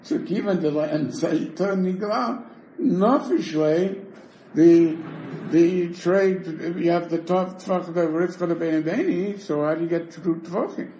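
A man teaching a Talmud class, rapidly reading Hebrew and Aramaic text and explaining it in English. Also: sits high, mellow. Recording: echoey room with faint noise.

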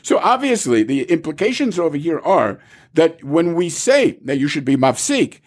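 A man teaches a Talmud class in a lively, rising-and-falling voice, firing off rhetorical questions. His tone is fairly high with a husky grain. He mixes Hebrew terms into casual explanation. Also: normal speed.

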